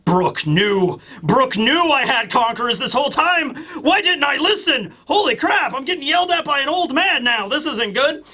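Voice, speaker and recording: A man's voice: very high voice, animated, moderate pace, few pauses, bright, forceful tone, pitched above the performer's own voice, exaggerated voice. A man voicing a flustered young male swordsman who frets aloud.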